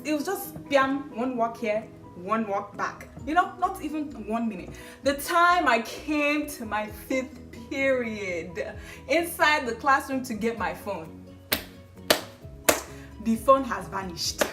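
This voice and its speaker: A young woman with a slightly high voice tells a storytime to camera, slangy and animated, dropping swears and loudly acting out each exchange. Faint music sits softly behind her. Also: normal speed. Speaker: vlogger. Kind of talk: casual storytime.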